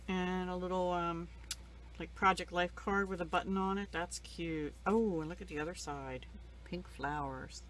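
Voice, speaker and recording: A woman's voice: fairly low pitch, a little hiss or hum. A woman, older, casually showing off craft supplies she got in the mail, rambling and gushing, emotional and close to tears at times. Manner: rambling, soft-spoken, emotional, near tears. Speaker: crafting vlogger. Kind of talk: casual show-and-tell.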